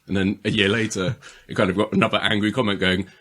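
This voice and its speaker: A man's voice: on the low side, level tone, quick pace, bright, forceful tone. A man chatting on a podcast, sheepish and laughing. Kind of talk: casual chat.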